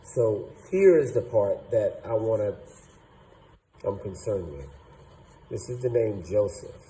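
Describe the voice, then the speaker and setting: A man teaching a lesson, slowly sounding out syllables and thinking aloud. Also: lowish voice, lively intonation, warm tone, low-quality recording. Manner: slow and deliberate, sounding out syllables; thinking aloud, doubting himself. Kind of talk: explaining at a whiteboard.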